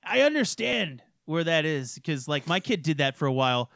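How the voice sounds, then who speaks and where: High-pitched guy ranting, swears constantly, dead dry sound. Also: very animated, normal speed, creaky, a bit bright, no echo. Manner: ranting, crude, laughs often. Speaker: podcast co-host. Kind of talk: profane casual chat.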